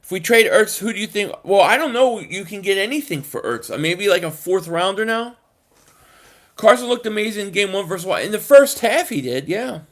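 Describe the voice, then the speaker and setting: A man hosting a casual live stream, answering chat comments in an animated, emphatic way with frequent restarts. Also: sits high, fairly quick.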